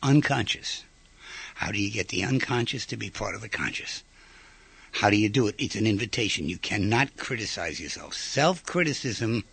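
A man's voice: lowish voice, a bit bright, husky, no room sound. A man giving an informal lecture in a conversational way, firing rhetorical questions at his listeners and briefly acting out quoted voices. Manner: acts out short quoted voices. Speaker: speaker giving a talk.

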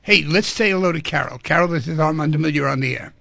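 A man hosting a radio call-in show, talking in an animated, playful storytelling way into a studio microphone. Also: a little high, fast, creaky, dry recording. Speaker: radio talk show host.

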